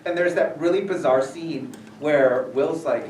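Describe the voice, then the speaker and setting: Guy answering student questions, chatty and animated, sounds far off in a roomy space. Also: mid-range voice, normal speed, hardly any pauses, background noise. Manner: animated, rambling, lots of fillers. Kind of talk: casual Q&A talk. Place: school room, audience present. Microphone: distant from the recorder. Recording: echoey room, voice heard from far off.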